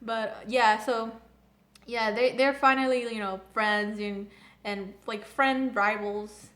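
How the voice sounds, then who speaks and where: A young woman with a fairly high voice chats casually about an anime episode. She gushes and gets excitable, peppering every sentence with fillers and restarts. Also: slow pace. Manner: gushing, filler-heavy, excitable. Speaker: anime reviewer. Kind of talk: casual chat.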